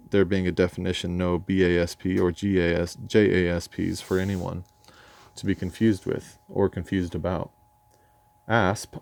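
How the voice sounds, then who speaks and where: English man, deep and mellow, dry ironic memoir reading in a dead-dry booth. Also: no echo. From England. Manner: dry, ironic and erudite, with occasional stumbles over words. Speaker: memoir narrator. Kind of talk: reading his memoir aloud.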